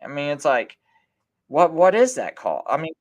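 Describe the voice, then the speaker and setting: A man's voice: a little high, sing-song, moderate pace. A middle-aged man hosting a live stream, talking in a rambling, casual way with many fillers and restarts, often acting out what other people said. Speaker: livestream host.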